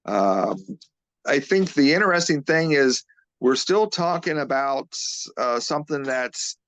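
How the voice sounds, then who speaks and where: A man, a physical therapist, being interviewed as a guest and earnestly retelling a witness's story, halting and restarting often. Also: mid-range voice, lively intonation, a bit bright, no echo.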